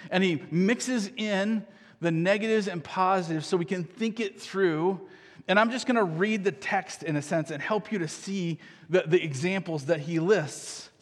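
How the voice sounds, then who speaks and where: Higher-voiced male pastor in a reverberant hall. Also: moderate pace. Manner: conversational, frequent "right?" asides, restarts. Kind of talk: sermon.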